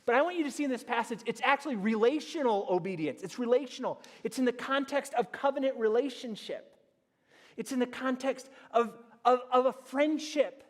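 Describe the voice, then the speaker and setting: A man preaching a sermon as pastor, animated and storytelling, acting out little scenes and dropping to a hush on key points. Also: extremely high pitch. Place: church sanctuary. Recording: church hall reverb.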